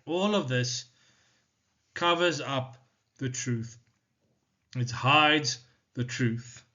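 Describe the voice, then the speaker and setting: A male teacher from South Africa explaining a poem in a deliberate, step-by-step lesson, with many "so" and "now" turns. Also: medium pitch, sharp tone. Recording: slightly dull lo-fi recording.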